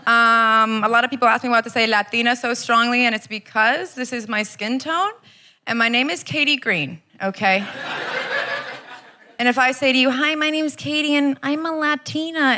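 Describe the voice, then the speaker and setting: A woman's voice: fairly high pitch, moderate pace, sharp tone. A young American woman performing a brash stand-up set, swearing and teasing the crowd at a comedy club. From Los Angeles area, US. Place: comedy club stage with live audience.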